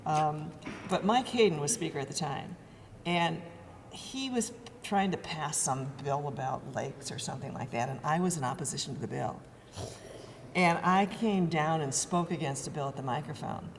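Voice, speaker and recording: An older woman, a former state legislator, recalling stories with lively self-mocking laughter. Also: low voice, moderate pace, long reverb tail, a little hiss or hum. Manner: lively storytelling, laughing at herself. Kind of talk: oral history reminiscing.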